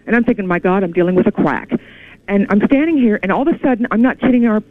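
A woman calling into a radio show, telling her story in an excited, rambling way with many restarts. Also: medium pitch, fast. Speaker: caller. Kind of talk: call-in radio chat. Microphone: telephone. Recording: tinny phone line.

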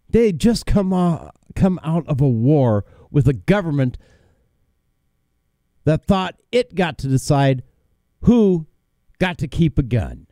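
Combative talk radio host, slow and lively. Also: male voice, on the high side, dry recording. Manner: combative, emphatic, with repeated words and fillers. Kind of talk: opinionated talk radio monologue.

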